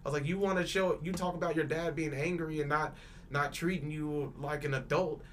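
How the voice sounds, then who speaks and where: A man's voice: on the high side, brisk, a little hiss or hum. A young man in casual podcast chat, telling a long story with frequent laughs and repeated words, acting out both sides of quoted exchanges. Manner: animated, laughs often, repeats and restarts words, swears freely. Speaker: podcast panelist.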